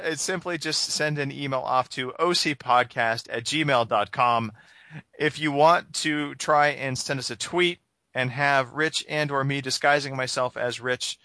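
A man's voice: mid-range voice, pushed and bright, dry recording. A man hosting a gaming podcast, chatting casually and joking, with plenty of fillers. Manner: joking, rambling with many fillers. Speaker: podcast host.

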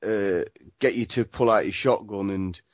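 A man's voice: lowish voice, moderate pace, dry recording, clean studio sound. A man co-hosting a podcast, rambling and restarting as he makes a point. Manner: rambling, restarts often while making a point. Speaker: podcast co-host. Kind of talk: casual chat.

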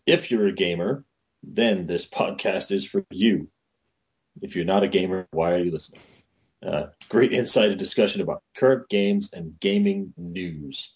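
Low husky podcast guy, dry understated reading. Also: darkish tone. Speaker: podcast co-host. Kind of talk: casual podcast chat.

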